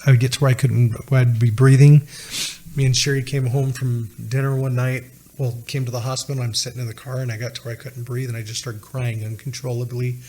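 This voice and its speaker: A man's voice: mid-range voice, level tone, brisk, mellow. A man, a podcast guest, earnestly telling a personal faith testimony and retelling conversations line by line.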